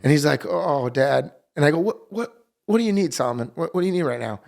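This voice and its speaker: Earnest gravelly-voiced man telling a story. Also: on the high side, sing-song, rapid-fire, darkish tone. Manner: earnest storytelling, acts out dialogue with his son. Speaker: podcast guest. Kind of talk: casual conversation.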